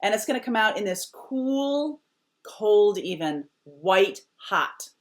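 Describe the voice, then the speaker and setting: Speaking slowly and with animation, a woman with a medium-pitched voice does a casual tarot reading to camera. She leans on short, firm phrases, repeating them emphatically, and occasionally sinks almost to a whisper.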